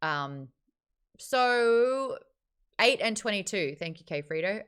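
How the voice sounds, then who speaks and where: Bright, crisp-voiced woman host. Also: medium pitch, takes it slowly. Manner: chatty and animated, jumps between topics. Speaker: book club host. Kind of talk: casual livestream chat.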